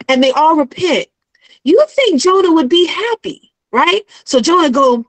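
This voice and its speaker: A woman's voice: very high-pitched, expressive, normal speed, no room sound, rough recording. A young adult woman in casual chat, retelling a story with acted-out character voices and frequent laughter. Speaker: guest.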